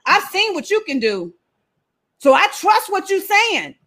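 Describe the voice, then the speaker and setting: A woman's voice: extremely high pitch, very animated, unhurried, a bit bright, voice pushed up, heavily acted. A woman playing Peter as an eager, overexcited grown man, in a comic, pleading voice.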